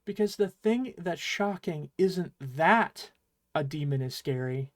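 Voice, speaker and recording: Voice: medium pitch, animated, slow. A teacher giving an online Japanese lesson, explaining patiently and playfully, with dramatic emphasis on the example sentences.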